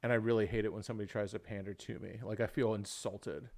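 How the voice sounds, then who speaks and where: A man's voice: fairly low pitch, steady tone, fast, a little mellow. A young adult man hosting a livestream, talking casually and at length, swearing often and calling people "dude". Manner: rambling, swears often, says "dude" a lot. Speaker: livestream host.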